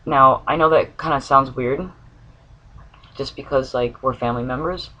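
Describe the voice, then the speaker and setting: A man's voice: medium pitch, normal speed, sharp tone, rough recording. A man telling a personal dream story to the camera, earnest and searching for words, with an occasional cough. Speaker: spiritual vlogger.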